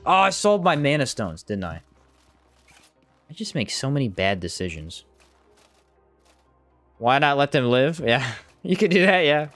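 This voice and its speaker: A man streams a game live, chatting casually with viewers, reading out chat, and reacting to the play, his pitch jumping up when he's surprised. His voice is animated, unhurried, and fairly bright, with frequent pauses. There's no room sound, just soft background music.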